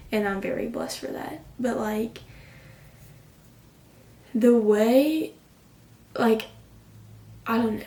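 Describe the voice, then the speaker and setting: A woman's voice: mid-range voice, a little mellow. Emotional teen girl, roomy distant sound. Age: late teens. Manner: emotional, rambling, heavy use of "like". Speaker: vlogger. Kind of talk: personal storytelling to camera.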